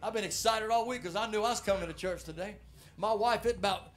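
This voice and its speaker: Southern guy preaching in church, kinda high voice, folksy, goes loud then quiet. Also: quick pace. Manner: folksy, animated, shifting from loud exhortation to quiet asides. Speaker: pastor. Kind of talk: sermon. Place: church sanctuary.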